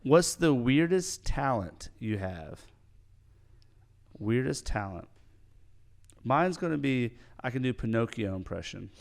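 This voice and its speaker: A young man hosting a casual podcast, telling stories with lively acted-out quotes. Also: medium pitch, slow, creaky, pauses often. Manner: animated storyteller, acts out quotes. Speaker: podcast host.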